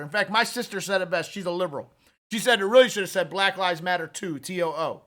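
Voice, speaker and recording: A man with a high, bright, forceful voice rants through political commentary. He sounds fired up and talks casually, straight to his listeners, like he's calling out to a buddy. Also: fairly quick. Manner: fired-up, ranting delivery; conversational, addresses listeners directly with "man".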